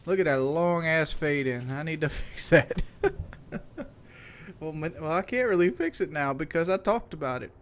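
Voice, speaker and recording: A man's voice: on the high side, expressive, moderate pace. A young man giving a crude, joking video game commentary rant, breaking into mocking impressions. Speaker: gaming commentator.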